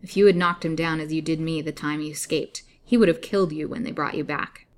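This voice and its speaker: A woman voicing a sharp-tempered, vicious old female jailer who answers curtly and grimly. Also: low-pitched, steady tone, fairly quick, lightly acted. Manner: curt, snapping.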